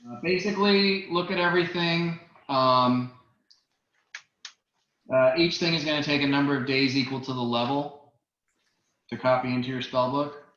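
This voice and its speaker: A man's voice: mid-range voice, normal speed, pauses often, fairly bright tone. A man running a tabletop game as game master, hesitant, with many ums and uhs. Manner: hesitant, lots of uh and um. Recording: roomy, dull lo-fi sound.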